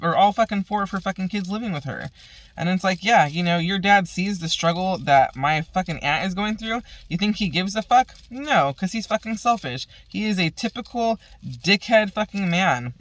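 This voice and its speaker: A woman's voice: fairly low pitch, animated, moderate pace, dry recording. A woman vlogger telling a long casual story, swearing constantly, retelling conversations with "I'm like" and laughing at her own lines. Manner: profane, rambling, retells talks with "I'm like".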